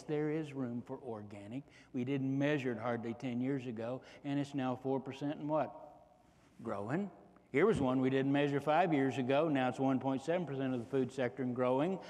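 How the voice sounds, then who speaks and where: A man's voice: mid-range voice, darkish tone. A man in his fifties, an economist giving a folksy, joking keynote talk that is full of rhetorical questions to the audience. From Texas. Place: large conference hall. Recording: long hall reverb.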